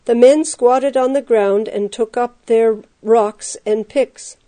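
A woman narrating a story aloud in a steady, expressive storytelling manner. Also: fairly high pitch, slow. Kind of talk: storybook reading.

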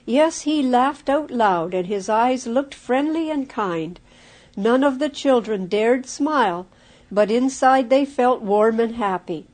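A woman narrating a children's storybook aloud in a clear, measured way. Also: fairly high pitch, expressive, a little mellow.

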